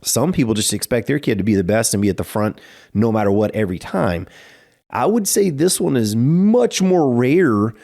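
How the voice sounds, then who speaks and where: A man's voice: lively intonation, normal speed, mellow. A man who runs a martial arts school, talking casually in a podcast interview and telling stories with plenty of "you know" fillers. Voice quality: gravelly, creaky low voice.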